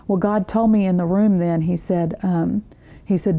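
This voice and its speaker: Woman guest, earnest testimony; gravelly, flat delivery with restarts. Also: on the low side. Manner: earnest, halting, with frequent restarts. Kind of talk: personal faith testimony.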